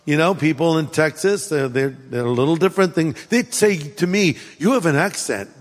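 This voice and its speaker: A pastor from California with a Californian accent, preaching a sermon in a conversational, humorous storytelling manner. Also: male voice, a little high, expressive, moderate pace, in a large hall.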